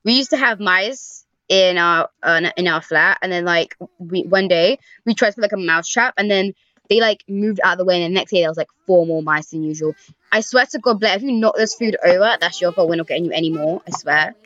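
A woman's voice: fairly low pitch, brisk, a bit bright, no room sound. Brief: young woman, casual game commentary, talks to characters, dull dry home mic. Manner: chatty, talks to the game characters, frequent sighs and groans. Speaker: gaming YouTuber. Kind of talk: casual let's-play commentary. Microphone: desk microphone.

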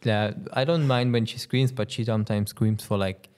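A man's voice: on the low side, fairly even intonation, normal speed, a little mellow, a little hiss or hum. A racing driver chatting casually on a podcast, often stumbling over his words and laughing. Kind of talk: casual chat.

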